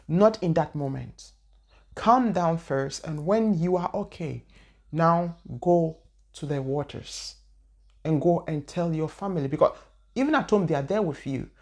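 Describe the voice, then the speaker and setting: A woman's voice: sits low, gravelly, darkish tone. A woman spiritual teacher telling her own story in an earnest, repetitive way. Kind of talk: personal testimony talk.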